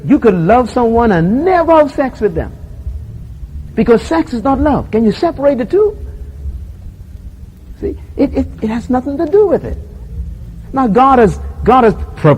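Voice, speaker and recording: A man preaching with a Bahamian accent, his voice sitting a little high for a man. He tells his points as lively acted-out stories and laughs easily. A faint hiss sits behind the recording. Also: rough recording. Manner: animated storyteller, acts out voices, laughs often. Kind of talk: sermon with acted-out anecdotes.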